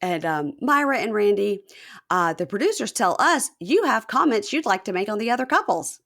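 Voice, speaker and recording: A woman podcast host chatting casually, acting out quotes from a reality show. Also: normal speed. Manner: animated, acts out quotes with raised pitch.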